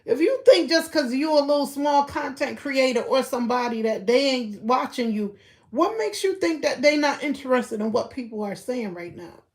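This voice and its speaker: A woman's voice: high voice, animated, normal speed. Blunt, cussing woman on a live stream. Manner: blunt and profane, repeats herself; loud bursts of laughter between points. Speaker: livestreamer. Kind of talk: casual live-stream commentary.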